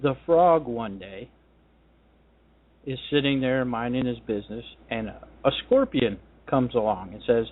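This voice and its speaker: A man's voice: medium pitch, unhurried. Combative man ranting on talk radio. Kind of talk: political talk radio monologue. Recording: tinny phone-line sound.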